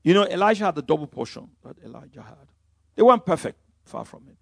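Emphatic preacher, lively pitch. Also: male voice, quick pace, vocal fry, dry recording, clean studio sound. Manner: emphatic preaching with wide swings in loudness. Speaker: pastor. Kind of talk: sermon.

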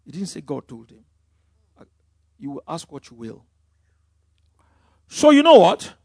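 Emphatic preacher, lively pitch. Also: male voice, a little slow, vocal fry, husky, dry recording, clean studio sound. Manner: emphatic preaching with wide swings in loudness. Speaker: pastor. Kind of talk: sermon.

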